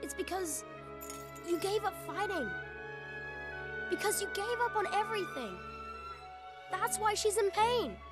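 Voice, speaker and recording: A woman playing an earnest young boy, very high voice, polite, game music behind. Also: lively intonation, unhurried, pauses often.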